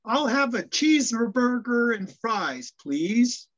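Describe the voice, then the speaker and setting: Preacher doing a sheepish ordinary guy from a joke, polite and a bit raised, slipping to a hushed tone, muffled lo-fi sound. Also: extremely high pitch, sing-song, takes it slowly, pitched above the performer's own voice, exaggerated voice. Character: ordinary adult man ordering food in a library. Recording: dull lo-fi sound.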